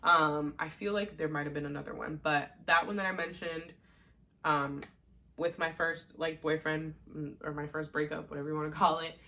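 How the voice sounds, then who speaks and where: A young woman with a somewhat low voice talks casually about her own life. She rambles through stories with lots of fillers and little laughs. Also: steady tone, moderate pace, bright, forceful tone, a little hiss or hum. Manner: chatty, many fillers and laughs. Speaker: podcast host. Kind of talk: casual personal storytelling.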